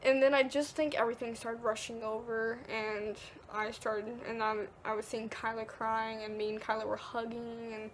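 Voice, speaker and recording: Peppering her story with "like," a teenage girl chats through a casual vlog and acts out the quotes she tells. Her pitch is fairly high, with a slight hiss or hum behind it.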